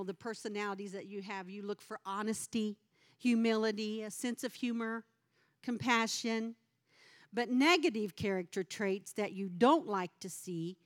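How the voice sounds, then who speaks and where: An older woman preaching a sermon, a folksy and animated storyteller who has the congregation repeat phrases after her. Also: fairly high pitch. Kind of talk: sermon with personal stories.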